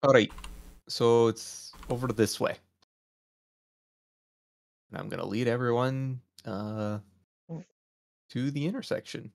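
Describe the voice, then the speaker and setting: A man's voice: medium pitch, slow pace, gravelly, long pauses. A man chatting as a tabletop game player, hesitant and self-mocking. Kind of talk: casual chat among players.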